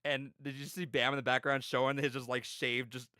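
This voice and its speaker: A man on a podcast tells a story with lots of swearing and filler words. He jumps into shouted voices for the people he quotes. The sound is dry and close, with almost no room around it. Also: mid-range voice, brisk, clear, resonant tone, no room sound. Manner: animated storyteller, acts out quotes with loud yelling voices; swears freely, many fillers. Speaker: podcast co-host. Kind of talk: casual chat.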